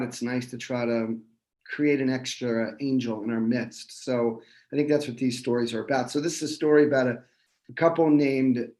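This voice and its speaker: A man telling a folk tale at a synagogue service in a relaxed, halting way, recorded in an echoey room. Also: mid-range voice. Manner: relaxed, halting, many restarts.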